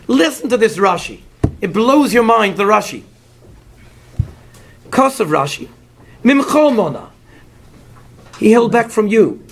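A man's voice: sits high, unhurried, pauses often, a little hiss or hum. A man giving a Torah lecture, explaining commentaries in English mixed with Hebrew terms and acting out the figures in the story. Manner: animated, acts out the figures in the story. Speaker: Torah teacher.

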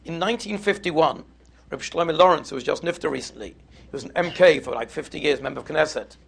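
A man giving a Torah talk, telling stories in an animated, lively way. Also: a little high, fairly quick, vocal fry, slight background noise. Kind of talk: storytelling sermon.

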